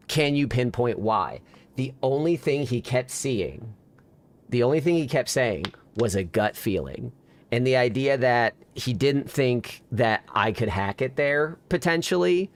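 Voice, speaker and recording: A man streamer in casual live-stream chat, venting candidly to his viewers with frequent restarts. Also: mid-range voice.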